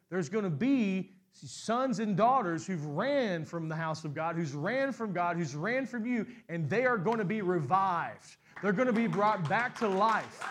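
High-voiced pastor preaching hard. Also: male voice. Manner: preaching that builds to loud, high-pitched peaks; repeats and restarts words when speaking fast. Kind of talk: sermon.

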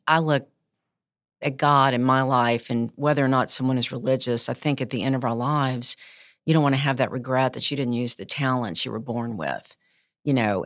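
A woman's voice: a bass voice, dry recording, clean studio sound. A woman hosting a podcast interview, chatting casually and encouraging her guest with frequent agreement. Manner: warm, encouraging, lots of backchannel. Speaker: podcast host.

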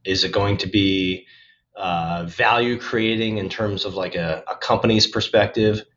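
Low-voiced man, dull recording. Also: steady tone, a little slow, fairly bright tone. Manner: thoughtful, restarts phrases, upbeat about the future. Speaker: podcast guest. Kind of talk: casual interview talk.

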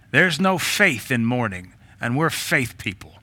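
A man with a Southern American accent, a pastor preaching a sermon in a blunt, sarcastic, forceful manner. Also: mid-range voice, lively intonation, unhurried, no room sound.

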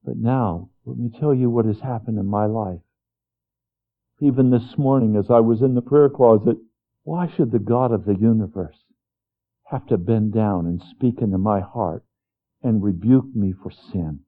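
Slow, earnest preacher man, tinny sound. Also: lowish voice. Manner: earnest preaching, swinging between hushed and fervent. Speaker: pastor. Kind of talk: sermon.

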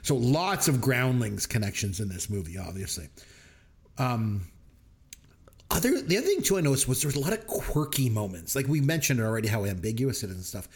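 A man with an ordinary mid-range voice talks through favorite movie moments with plain enthusiasm. He slips into quick quoted voices as he recaps each scene, keeping a casual, friendly podcast tone. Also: medium pitch, big pitch swings. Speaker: podcast co-host. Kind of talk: casual movie review chat.

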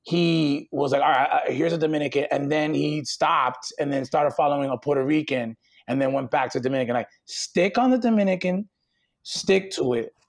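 A man talking as a podcast guest in animated, rambling casual chat, swearing casually. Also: a little high, normal speed.

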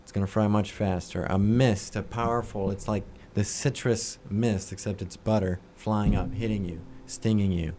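Low-voiced joking man rambling casually. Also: steady tone, moderate pace, few pauses, mellow, slight background noise. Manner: rambling, joking, playfully defensive. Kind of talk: casual chat.

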